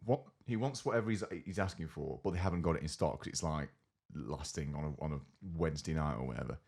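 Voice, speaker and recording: A young man co-hosting a casual podcast chat, telling an animated story and acting out other people's lines. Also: extremely low pitch, fast talker, gravelly, breathy edge. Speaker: podcast co-host.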